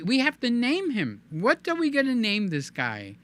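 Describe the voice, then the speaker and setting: A man hosting a live stream in casual, animated chat, cooing in baby talk and reading viewer comments aloud. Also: very high voice, moderate pace. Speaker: livestream host.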